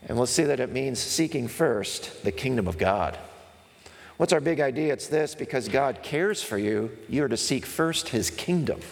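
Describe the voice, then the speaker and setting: A pastor preaching a sermon, earnest and explanatory, sometimes acting out a comic skit with a raised voice. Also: male voice, medium pitch, gravelly. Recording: long hall reverb.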